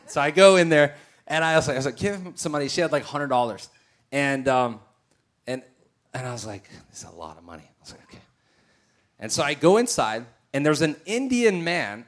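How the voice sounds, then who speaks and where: A male preacher telling stories in a sermon, acting out the voices of the people in them. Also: on the high side. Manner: animated, acts out voices in his stories. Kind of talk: sermon with storytelling.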